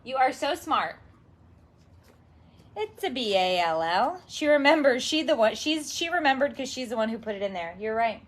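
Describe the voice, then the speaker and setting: A parenting vlogger chats to her phone camera in her home yard, casually talking and exclaiming at her dog. Her fairly high voice is very animated and fairly quick, with hardly any pauses.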